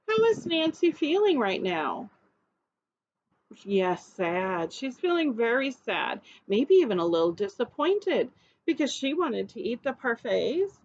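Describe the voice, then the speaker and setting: A woman's voice: fairly high pitch, very animated, a little slow, highs cut off, a little hiss or hum. A woman preschool teacher reading a picture book aloud and coaxing children to repeat words after her.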